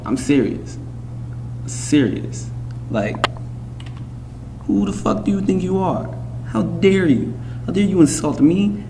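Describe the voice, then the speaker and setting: A man's voice: on the high side, mellow, slight background noise. A young man vlogging to camera in a casual, profane rant, blunt and mocking as he talks over music and forum posts.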